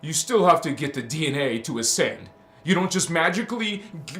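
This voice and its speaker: High-voiced man hosting a chatty spiritual livestream. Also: lively intonation, normal speed, a bit bright. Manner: emphatic, chatty, calls listeners honey and baby, laughs often. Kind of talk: casual livestream talk reading chat. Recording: roomy echo.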